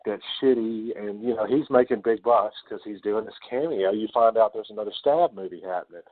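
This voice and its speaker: Man swearing through a movie recap, low voice. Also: a little fast. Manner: swears a lot, animated retelling. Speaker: podcast host. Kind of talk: casual movie discussion. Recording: tinny phone-like lo-fi audio.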